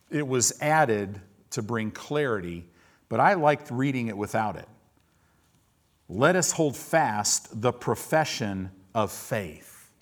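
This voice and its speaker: Male pastor, mid-pitched, lively sermon delivery with loud acted-out quotes, in church. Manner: animated, swings between soft asides and loud acted-out quotes. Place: church sanctuary.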